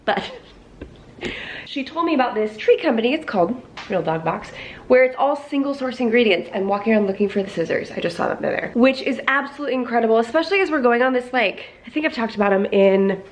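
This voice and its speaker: A woman's voice: a little high, expressive, quick pace. A woman in a casual vlog chat, rambling and laughing often, talking about shopping and dog treats. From Texas. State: pregnant. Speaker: vlogger. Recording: noisy home video.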